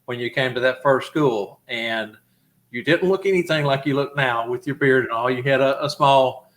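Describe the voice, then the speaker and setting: A man's voice: medium pitch, normal speed, a bit bright. A man hosting a live talk show, putting friendly questions to his guest in casual chat. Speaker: show host.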